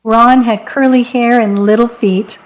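A woman narrating a children's audiobook in a wry, deadpan way. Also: fairly high pitch, a little slow, low-quality recording.

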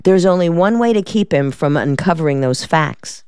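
Woman voicing male defense lawyer, shrewd, wisecracking, low voice, dry sound, audiobook reading. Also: lively intonation, moderate pace, darkish tone, clear, resonant tone, no room sound, close to an everyday voice. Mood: decisive. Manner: dry, decisive, teasing.

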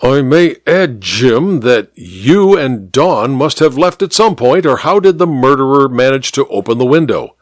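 A man's voice: mid-range voice, expressive, unhurried, few pauses, dry recording, pitched above the performer's own voice, natural voice. A man voicing a ceremonious, terse old judge in a dry storybook reading. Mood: irritated. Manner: ceremonious, through gritted teeth.

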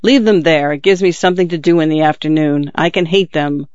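A man's voice: a little high, a little fast, smooth, no room sound, natural voice. A man reading a story, voicing a bitter, idle husband who talks bluntly and sullenly. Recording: dull dry lo-fi recording.

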